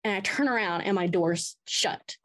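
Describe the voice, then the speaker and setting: A woman guest on a podcast, telling her own ghost story in an animated way and acting out what she said at the time. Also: mid-range voice, normal speed. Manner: animated storyteller who acts out her own past words. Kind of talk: first-person ghost story told in an interview.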